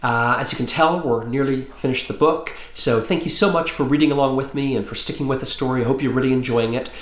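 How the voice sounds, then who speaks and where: A man, an author, reads his own children's novel aloud in a friendly, lively storytelling manner. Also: mid-range voice, fast talker. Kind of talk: children's book read-aloud. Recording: roomy echo.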